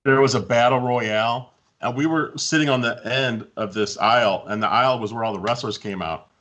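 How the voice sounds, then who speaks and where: A man guesting on a gaming podcast, telling a story in a relaxed, rambling way with restarts. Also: mid-range voice, a little fast. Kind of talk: casual storytelling.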